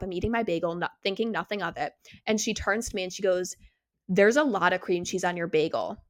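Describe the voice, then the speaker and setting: Woman, twenties, podcast host; candid, animated casual storytelling with plenty of fillers. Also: mid-range voice. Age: 20s.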